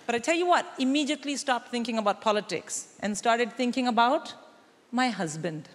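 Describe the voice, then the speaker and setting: A woman's voice: on the high side, lively intonation, fairly quick. A woman from India performing a stand-up routine on stage, brash and exasperated, telling stories with mock indignation. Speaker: stand-up comic. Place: theatre stage with live audience. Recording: live venue with long reverb.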